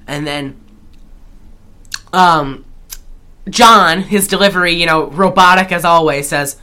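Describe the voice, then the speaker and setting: A woman's voice: lowish voice, slow pace, pauses often, bright, forceful tone. A woman co-hosting a podcast, recapping a film in casual chat with many restarts and laughs. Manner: rambling, restarts, laughs often. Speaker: podcast co-host.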